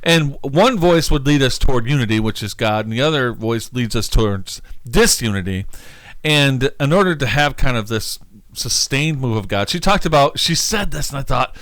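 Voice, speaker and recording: A man's voice: mid-range voice, lively intonation, normal speed, fairly bright tone, no room sound. A man, a pastor co-hosting a church talk show, chatting casually and enthusiastically and laughing easily. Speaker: pastor and co-host.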